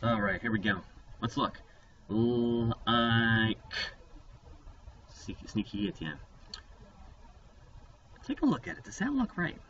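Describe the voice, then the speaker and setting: A man's voice: medium pitch, slow, pauses often, fairly bright tone. A man teaching young children a phonics lesson in a playful, upbeat way. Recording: distant mic, dull lo-fi sound, faint noise.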